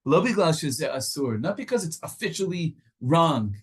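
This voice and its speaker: A man's voice: fairly high pitch, very animated, normal speed, slightly rough. A man teaching a Torah class with passion, moving back and forth between Hebrew and English.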